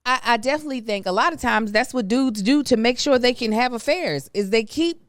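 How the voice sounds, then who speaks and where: A woman's voice: fairly high pitch, expressive, brisk, no echo, studio quality. A woman hosting a podcast in casual chat, thoughtful and candid, speaking. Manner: thoughtful, candid, self-deprecating. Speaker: podcast host.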